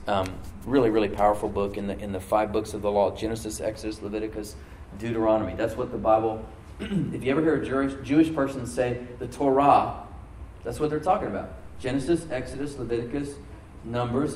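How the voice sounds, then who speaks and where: A man preaching a sermon as pastor, stressing words by slowing down and rising in emphasis. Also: mid-range voice, steady tone, darkish tone, distant mic, a little hiss or hum. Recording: echoey room, from off mic.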